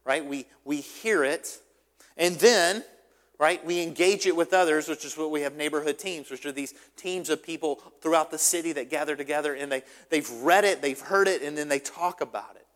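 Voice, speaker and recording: A man's voice: on the high side, normal speed. Man preaching in a reverberant hall. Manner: lively preaching with repeated "right?" and restarts. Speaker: pastor. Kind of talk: sermon.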